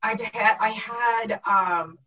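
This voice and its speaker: A slightly high-voiced woman recalls stories as an actress guest in a relaxed interview, often laughing between lines. Her voice sits a bit away from the mic, and the sound is dull and lo-fi. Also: slow pace, far from the mic. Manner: animated anecdotes with frequent laughter. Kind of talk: casual interview storytelling.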